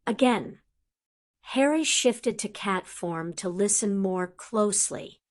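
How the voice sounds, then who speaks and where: Unhurried woman audiobook narrator. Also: mid-range voice, expressive. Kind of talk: scripted narration.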